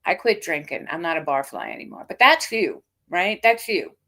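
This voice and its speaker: A woman's voice: on the low side, big pitch swings, moderate pace, bright, forceful tone. A woman in her fifties hosting a casual livestream, reading out a critic's posts and mocking them with sarcastic comebacks. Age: 50s. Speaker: livestream host. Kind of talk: casual reaction stream.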